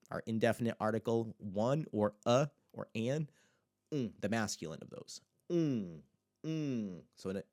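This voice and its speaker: A man teaching a casual language lesson, explaining in a relaxed way with fillers and saying example words slowly several times over. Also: fairly low pitch.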